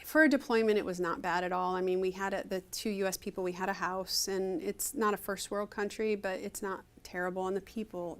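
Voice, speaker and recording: A middle-aged woman from Ohio, a retired Air Force officer, telling stories in a conversational interview, full of fillers and restarts. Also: mid-range voice. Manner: chatty storytelling, frequent fillers and restarts. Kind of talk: conversational oral history interview.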